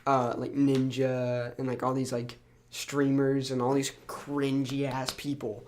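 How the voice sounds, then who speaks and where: A man's voice: mid-range voice, monotone, slow, darkish tone, a little hiss or hum. A young man co-hosting a podcast in casual chat, rambling and stumbling over his words. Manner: rambling, full of ums and restarts. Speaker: podcast co-host.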